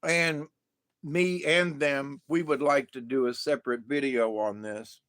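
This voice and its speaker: A man's voice: medium pitch, steady tone, unhurried, a bit bright. A man rambling to viewers in a loose monologue, laughing often and repeating insults with heavy emphasis, stoned. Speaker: vlogger.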